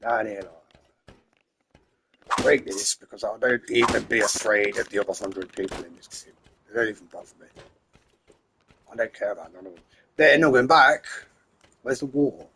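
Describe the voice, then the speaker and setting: A man's voice: lowish voice, normal speed, pauses often, background noise. An English man giving rambling, chatty commentary while playing a game, talking to himself and his in-game horse. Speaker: gamer, channel host. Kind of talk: casual gameplay commentary.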